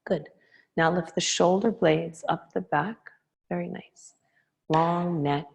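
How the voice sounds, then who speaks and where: Slow, calm woman yoga teacher. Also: on the low side, gravelly, dull audio. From Hawaii. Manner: slow, calm, soothing cues. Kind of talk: guiding a yoga class. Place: yoga studio.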